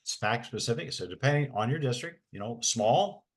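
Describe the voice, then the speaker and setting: A man's voice: medium pitch, animated, moderate pace. A man, a special education advocate, talking in a folksy, rambling way with many restarts. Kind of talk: casual webinar talk.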